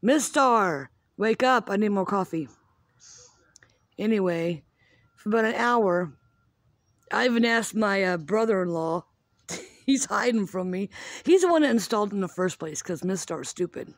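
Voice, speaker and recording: A woman in her fifties rants at home about everyday annoyances, in a rambling, foul-mouthed, self-mocking way. Her voice sits at a middling pitch, and the sound is dry and close. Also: lively intonation, normal speed, long pauses, dry recording. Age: 50s. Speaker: vlogger. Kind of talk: casual rant.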